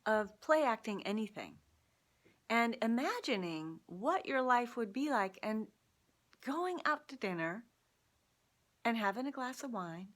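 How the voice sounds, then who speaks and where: A woman with a bright, clear voice talks straight to her viewers. She tells a story in a casual, lively way and laughs often. Her tone is friendly and open, like a personal vlog. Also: on the high side, a little slow, long pauses. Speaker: vlogger sharing personal insights. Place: Seattle.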